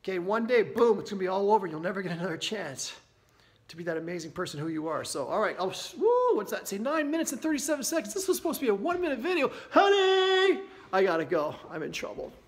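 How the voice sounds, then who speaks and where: A man from Canada with a strikingly high voice delivers a motivational talk straight to camera. He speaks with lively energy and keeps checking in with his listeners as he coaches them. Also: fast. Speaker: anxiety workshop presenter.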